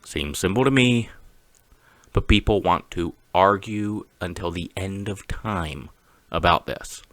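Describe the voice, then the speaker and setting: A man with a Texas accent, giving a slow, deliberate and opinionated casual monologue to camera as a vlogger. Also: sits low, fairly bright tone, no echo.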